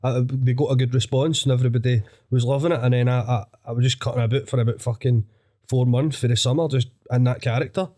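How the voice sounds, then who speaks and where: Sweary young Glaswegian comedian. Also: male voice, mid-range voice, fairly even intonation, fast talker, mellow. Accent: Scottish, Glaswegian. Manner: sweary, rambling, laughs often. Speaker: guest comedian. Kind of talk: casual podcast chat.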